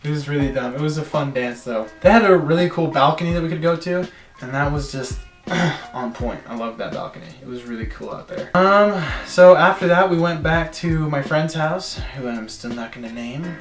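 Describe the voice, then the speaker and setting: A young man in his teens telling a story in a casual vlog, animated and chatty, slipping into silly voices now and then. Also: on the high side, normal speed, echoey room, soft background music. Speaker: storytelling vlogger.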